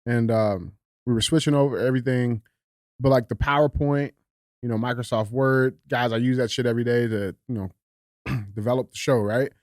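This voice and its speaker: A man's voice: mid-range voice, moderate pace, dry recording, clean studio sound. A man co-hosting a podcast, chatting casually and reading news headlines aloud. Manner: relaxed, chatty, fillers between read-out lines. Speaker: podcast co-host.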